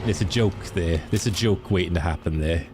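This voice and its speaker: A Welsh game streamer chats casually with his viewers while gaming, joking and laughing easily. He has a Welsh accent and a deep voice, speaking briskly over a noisy background.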